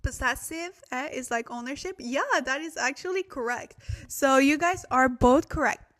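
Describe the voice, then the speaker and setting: In a casual livestream lesson on Korean, a young host who seems a little tired chats along, thanks viewers, and laughs at her own errors. She speaks at a moderate pace in a high-pitched, somewhat bright voice.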